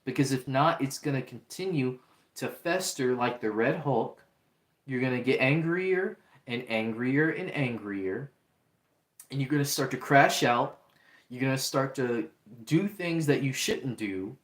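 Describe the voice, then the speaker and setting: Man, livestream host, casual earnest chat, repetitive, reads chat aloud, average pitch, echoey room. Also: animated, measured pace. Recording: roomy echo.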